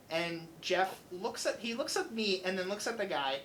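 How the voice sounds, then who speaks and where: A man's voice: sits high, moderate pace, hardly any pauses, a little hiss or hum, poor audio. Young man telling a story. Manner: animated, acts out customer dialogue. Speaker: student radio host. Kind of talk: casual storytelling.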